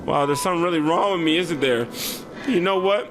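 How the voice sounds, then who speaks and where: A man's voice: a little high, brisk. Swearing man reacting to a game. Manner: loud swearing outbursts. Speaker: gaming streamer. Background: game music.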